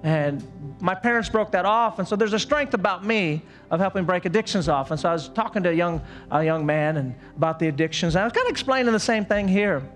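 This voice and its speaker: High-voiced man preaching fervently. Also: lively intonation, fast, fairly bright tone, faint music behind. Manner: fervent, exclamatory preaching with folksy asides. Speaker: pastor. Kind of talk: sermon. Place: church service.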